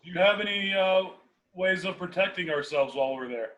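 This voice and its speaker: A man's voice: high-pitched, fairly quick, fairly bright tone, lo-fi sound. A man playing a tabletop game, asking questions in a casual, inquisitive way. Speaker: player.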